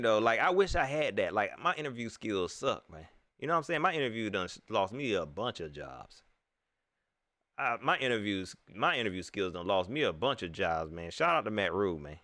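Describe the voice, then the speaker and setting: A man with a Southern US accent hosting a casual live-stream chat, animated and quick to laugh, his voice climbing high when he gets riled. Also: no echo, clean studio sound. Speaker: host.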